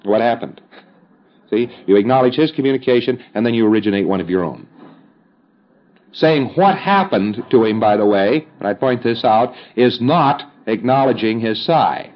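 A man's voice: medium pitch, animated, normal speed. A man lectures in a mid-range voice, conversational but emphatic, and drops in folksy fillers as he explains. The sound is dull and muffled, like an old lo-fi tape. It feels like an instructional talk to a class.

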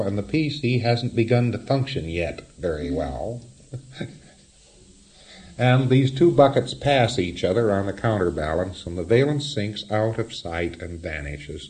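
A man's voice: on the low side, darkish tone. A man lecturing in a wry, explanatory way, often chuckling at his own examples. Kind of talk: recorded lecture.

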